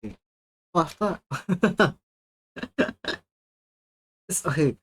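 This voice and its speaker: A man's voice: fairly high pitch, animated, moderate pace. Playful, jokey male streamer. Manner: playful, jokey, laughs often; speaking between bites of food. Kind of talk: casual live-stream chat.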